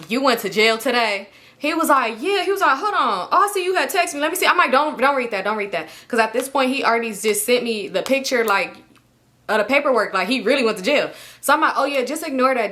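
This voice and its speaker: Young woman vlogger, high-ish bright voice, rapid animated storytelling with plenty of swearing. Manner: animated, swears freely, acts out both sides of a phone call. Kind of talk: casual storytelling to viewers.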